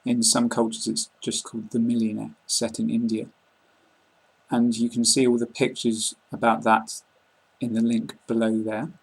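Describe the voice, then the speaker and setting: A British man with a husky edge to his voice, teaching an online English lesson. He speaks in a flat, even tone and explains things calmly and clearly. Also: medium pitch, moderate pace, rough recording.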